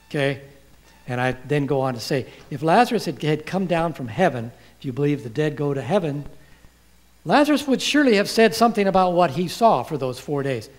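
A man preaching a sermon, quoting scripture and asking the congregation questions. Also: fairly high pitch. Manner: asks the congregation questions and pauses for replies; quotes scripture with rising emphasis.

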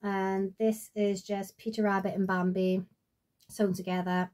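A woman's voice: medium pitch, flat delivery, unhurried, a little mellow. Chatty woman showing crafts. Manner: chatty and rambling, with many fillers and trailing asides. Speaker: crafter showing her sewing projects. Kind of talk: casual show-and-tell vlog. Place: at home.

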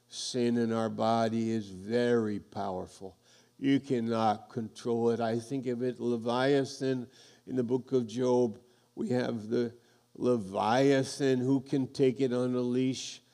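A male preacher with a gravelly, creaky voice delivers a sermon at an unhurried, deliberate pace. He reads scripture aloud and presses his points home with rising emphasis. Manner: preaches emphatically, swelling louder at high points. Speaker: pastor.

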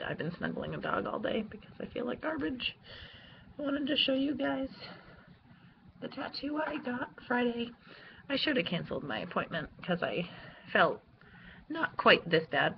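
A young woman, hoarse from a cold, chatting casually to her viewers from a room at home, rambling and self-deprecating with lots of fillers. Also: fairly low pitch, slight background noise. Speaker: vlogger. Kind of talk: casual vlog chat. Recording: dull lo-fi recording.

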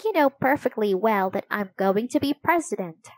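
A woman's voice: medium pitch, expressive, normal speed, no echo, close to an everyday voice. A woman reading the part of a bold, confident young girl in a storybook, in a sweet, self-assured voice.

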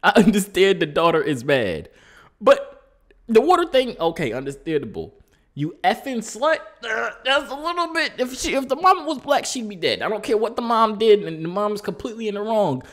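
A young man hosting a reaction video in casual, slangy talk, breaking into loud exclamations. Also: sits high, very animated, a little fast.

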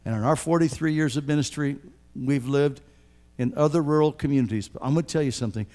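A man in his sixties preaching a sermon as pastor, earnest and emphatic, speaking straight to his listeners and swinging from hushed to loud. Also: medium pitch, fast. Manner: addresses listeners directly.

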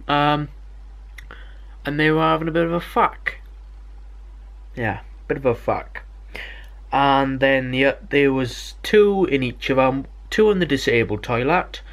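A man's voice: a little high, a bit bright. A young man from Britain telling a rambling, sweary story in a casual storytime vlog, sounding exasperated. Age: young adult. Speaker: vlogger.

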